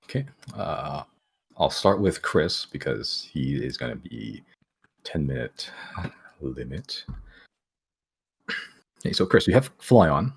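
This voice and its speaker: A man running a tabletop game as game master, talking haltingly with many repeated words. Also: very deep voice, sing-song, breathy edge.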